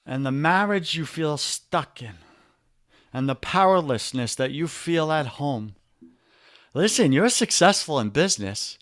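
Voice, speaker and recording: A man with a New York accent talks in a fired-up, preachy coaching style, leaning hard on his points. His voice sits a touch higher than most men's. The sound is dry and close, with no room echo. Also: animated, a little slow, fairly bright tone. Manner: emphatic, preachy, calls listener brother. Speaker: podcast guest, men's coach. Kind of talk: energetic motivational talk.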